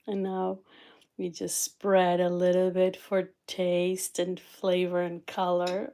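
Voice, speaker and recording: A woman with a Portuguese accent chatting excitedly and rambling as she cooks on camera. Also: fairly low pitch, slow. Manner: excitable, rambling, with frequent restarts. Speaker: cooking vlogger. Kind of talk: casual cooking chat to camera.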